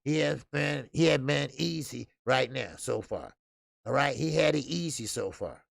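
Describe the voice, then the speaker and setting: A man's voice: medium pitch, lively intonation, unhurried, creaky, no echo, clean studio sound. A man hosting a casual boxing talk show, loose and profane, laughing at his own stories. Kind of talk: casual solo boxing commentary.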